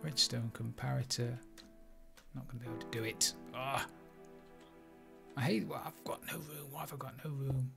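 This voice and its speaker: A man's voice: medium pitch, little pitch movement, moderate pace, gravelly, pauses often, music in the background. Chatty Englishman narrating his game build. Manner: chatty, thinks aloud while building. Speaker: Minecraft let's play creator. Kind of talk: casual gameplay commentary.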